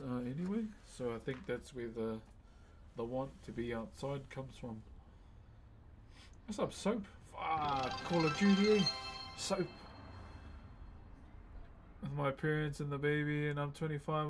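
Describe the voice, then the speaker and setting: A man's voice: mid-range voice, slight background noise. A man with a New Zealand accent hosting a live stream, chatting casually and thanking viewers by name in a friendly, slangy way. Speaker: livestream host.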